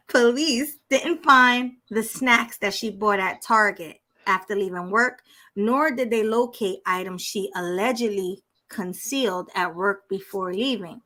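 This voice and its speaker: A woman's voice: mid-range voice, bright, forceful tone. A woman co-hosting a podcast, reading a news story aloud and chatting bluntly, laughing often. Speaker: podcast co-host.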